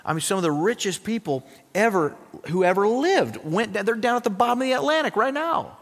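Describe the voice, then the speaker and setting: High-voiced pastor preaching in a hall. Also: male voice, lively intonation, a little fast. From South Dakota. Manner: emphatic, swings from loud to hushed. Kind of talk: sermon.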